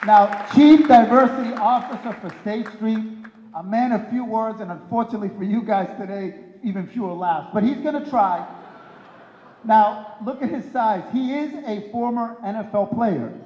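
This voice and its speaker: Emcee, man, bright high voice, teases guests with quick jokes; booming hall reverb, crowd murmur behind. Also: lo-fi sound. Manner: playful, teasing, punchline timing. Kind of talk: joking emcee introductions. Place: hotel ballroom event.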